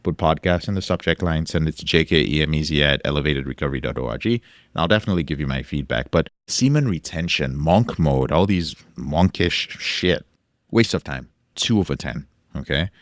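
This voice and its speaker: A man's voice: very deep voice, lively intonation, fairly quick, dry recording, studio quality. A man hosting a podcast alone and coaching listeners in recovery, talking emphatically, repeating key phrases and swearing casually. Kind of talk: solo podcast monologue.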